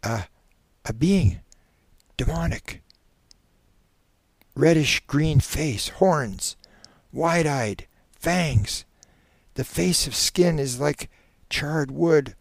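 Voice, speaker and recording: A man voicing a terrified man under regression hypnosis, a former preacher, with shrill panicked outbursts. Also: very animated, measured pace, no echo, studio quality.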